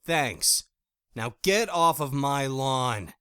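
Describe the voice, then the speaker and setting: A hot-tempered young woman in an audiobook, as a male narrator puts her on, bright and lively in tone. She snaps out curt, blunt retorts, recorded dry and close. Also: medium pitch, drawn-out words, clean tone, dry recording, voice pushed up, exaggerated voice. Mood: fierce. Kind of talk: audiobook character voice.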